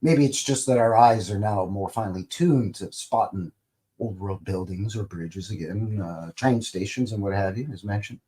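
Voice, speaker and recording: The Canadian streamer, middle-aged, talks at normal speed in a warm voice on the low side. His casual chat wanders in a folksy way, full of fillers and restarts.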